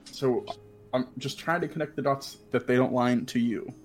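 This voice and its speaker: A man voicing a calm, suspicious male crime boss who questions his henchman in a tabletop game. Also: medium pitch, faint music behind, natural voice. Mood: probing. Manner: measured, probing questions.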